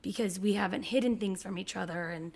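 A woman's voice: medium pitch, a little fast, darkish tone. A woman in her thirties, a podcast co-host and mother, chatting casually and acting out her kids' lines as she tells a story. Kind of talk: casual chat.

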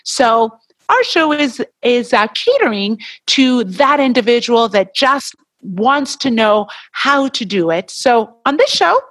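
Woman, podcast host, lively swooping pitch, fairly high voice, casual chatty talk, dry close sound. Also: no echo. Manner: animated, chatty, gets heated and laughs at points.

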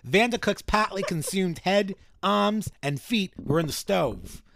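A man's voice: sits high, expressive, a little slow, gravelly, a bit bright, a little hiss or hum. A man co-hosting a podcast, reading an old newspaper account aloud and asking blunt questions. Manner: reacts with laughs and blunt questions. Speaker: podcast co-host. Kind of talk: casual chat and reading aloud.

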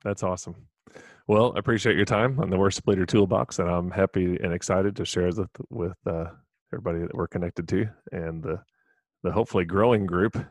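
A man hosting a podcast, speaking in a relaxed, affirming way and often giving short agreeing replies. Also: low voice, brisk, no echo, studio quality. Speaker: podcast host. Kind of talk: casual podcast interview.

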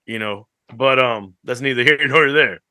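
A man co-hosting a podcast, telling animated stories that act out what others said, swearing freely as he chats. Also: medium pitch, normal speed, no echo, studio quality. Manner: animated storyteller, acts out quotes, swears freely. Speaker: podcast co-host. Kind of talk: casual chat.

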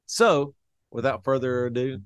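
A man's voice: medium pitch, measured pace, clean tone, no room sound. A man hosting a podcast, chatting casually with rambling, jokey asides. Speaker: podcast host and touring musician.

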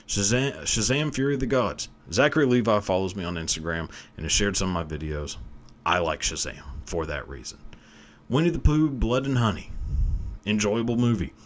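A man with a low, deep voice hosts a podcast alone, ranting about movies with plenty of swearing. His pitch jumps around a lot as he punches his points. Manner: profane, ranting, emphatic. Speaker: podcast host. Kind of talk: casual solo commentary.

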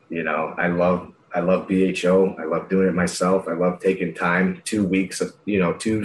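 A man's voice: deep voice, echoey room, a little hiss or hum, low-quality recording. A young man telling a rambling, profane story in casual slang.

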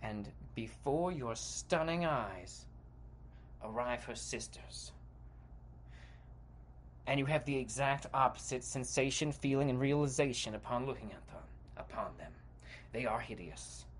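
A man's voice: mid-range voice, measured pace, slight background noise. A man hosting a podcast, narrating a comedic guided visualization in a playful, dramatic way with sound effects. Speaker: podcast host.

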